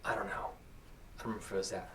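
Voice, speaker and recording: A man's voice: rapid-fire, sharp tone, distant mic. Man host telling stories, a bit off-mic. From New Mexico. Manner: storytelling, acts out quoted people. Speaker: podcast host. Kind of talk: casual chat.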